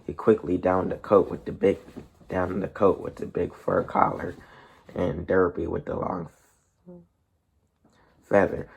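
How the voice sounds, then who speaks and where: A man reading a novel aloud as narrator in a gravelly, husky voice, with plain delivery, slips and restarts. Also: deep voice, little pitch movement, unhurried, long pauses, dull audio, slight background noise.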